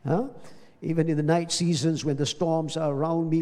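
A man preaches a sermon, often pausing to ask his congregation rhetorical questions. His voice sits high, with a mellow, relaxed tone. A long reverb trails each phrase around the hall. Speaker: pastor.

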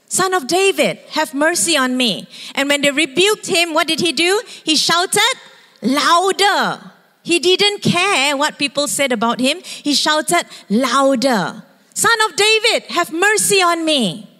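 A woman preacher delivers a lively sermon, her fairly high voice rising as she acts out shouts. She keeps asking the congregation questions. Her voice carries a long reverb through a church hall.

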